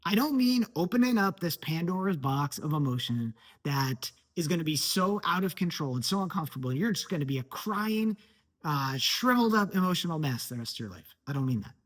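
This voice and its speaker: A man's voice: on the high side, animated, brisk. A man giving an earnest motivational talk as a life coach, stressing points by repetition.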